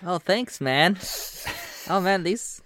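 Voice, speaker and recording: A man's voice: sits high, animated, slow, pushed and bright, no room sound, voice pushed up, exaggerated voice. A man doing Fern, a laid-back, easygoing landlord. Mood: friendly.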